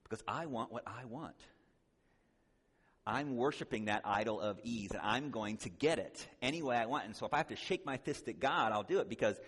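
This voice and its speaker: A man's voice: medium pitch, lively intonation, brisk, a bit bright, breathy edge. A man giving an earnest, conversational sermon-style teaching on counseling, now and then acting out the voices of the people he quotes. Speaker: speaker at a church conference. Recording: long hall reverb.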